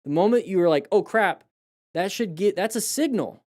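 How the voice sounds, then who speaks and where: A man's voice: sits high, lively intonation, brisk, warm tone. A man reviewing crash videos live and coaching riders, emphatic and repetitive, acting out a rider's panic as he explains. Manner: emphatic, repeats key phrases, acts out riders' panic. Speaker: motorcycle riding coach.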